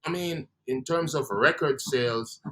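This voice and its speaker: A man's voice: mid-range voice, measured pace, fairly bright tone. A man with a Jamaican accent, a guest in a casual interview, talking in a laid-back way and trailing off between phrases.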